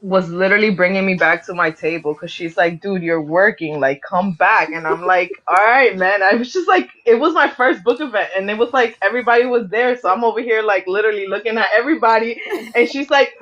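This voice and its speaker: A woman author chatting casually as an interview guest, excitable and slangy, laughing often. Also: mid-range voice, a little fast, hardly any pauses, dull audio. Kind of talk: casual chat.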